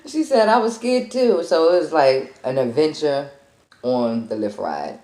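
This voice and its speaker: Brief: low-pitched woman, storytelling eating-show host, very lively delivery, echoey room. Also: a little slow. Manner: animated storytelling with squealing exclamations and laughter. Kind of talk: casual storytelling while eating. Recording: echoey room with faint music.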